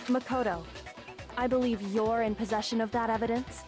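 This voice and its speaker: A woman's voice: a little high, steady tone, lightly acted. A woman voicing a cool, analytical young investigator. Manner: cool, measured, precise. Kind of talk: video game dub voice acting. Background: game music.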